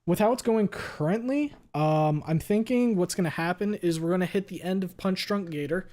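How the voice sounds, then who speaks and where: A male streamer chatting casually with viewers, talking quickly and running words together, with a lot of swearing. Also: sits high, a little mellow. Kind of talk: casual chat reading viewer messages.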